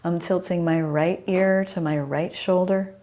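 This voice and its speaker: A middle-aged woman teaching a chair yoga class over a video call, giving calm guiding cues and naming students as she goes, with a slightly scratchy voice. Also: on the low side, measured pace. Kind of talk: live online yoga class instruction.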